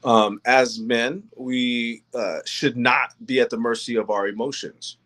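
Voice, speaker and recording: A man's voice: mid-range voice, fairly even intonation, a little slow, fairly bright tone. A man hosting a faith-based talk show, speaking earnestly with frequent ums and restarts. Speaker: host. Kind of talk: monologue on faith and manhood.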